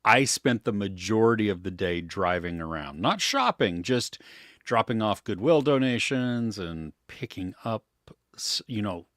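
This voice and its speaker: A man's voice: fairly low pitch, animated, a little slow, fairly bright tone, dry recording, clean studio sound. A man hosting a movie podcast, greeting listeners and chatting casually with upbeat energy. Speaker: podcast host. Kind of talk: casual chat.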